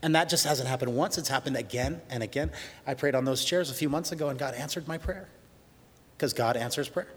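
A middle-aged man preaching a sermon as pastor, swinging between loud praise and hushed storytelling. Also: medium pitch, fairly quick, husky. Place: church sanctuary. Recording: long reverb of a large hall.

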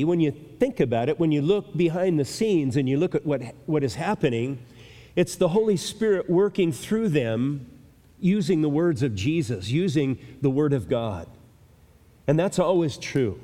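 A man's voice: a little high, warm tone. A male pastor teaching a sermon, explaining scripture with emphatic rhetorical questions. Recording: long reverb of a large hall.

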